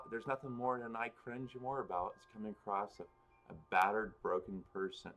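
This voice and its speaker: Lowish guy rambling on a livestream chat, keeps restarting his sentences, faint hum in the background. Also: a bit bright. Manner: rambling, self-correcting, chuckles often. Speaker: livestream host and spiritual reader. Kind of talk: casual livestream chat answering viewers.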